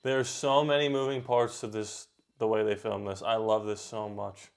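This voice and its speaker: A man hosting a reaction video, chatting casually and talking back at the screen with quick outbursts. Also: fairly low pitch, little pitch movement, gravelly.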